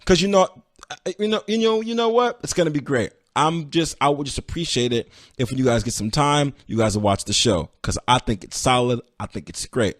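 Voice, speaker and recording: A man hosting a podcast, retelling stories casually and acting out the people in them with sudden high-pitched outbursts. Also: animated, fairly quick, a bit bright, no echo, studio quality. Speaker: podcast host. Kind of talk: casual storytelling recap.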